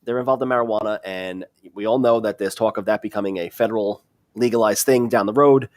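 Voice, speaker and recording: A man co-hosting a podcast, giving a casual rundown of stock news in a steady, explanatory way. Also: on the low side, fairly quick, dry recording, studio quality. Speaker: podcast co-host.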